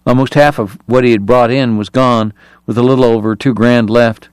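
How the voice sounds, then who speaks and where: A man's voice: medium pitch, fairly even intonation, normal speed, smooth, no room sound. Dry, close male audiobook narrator. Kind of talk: scripted narration.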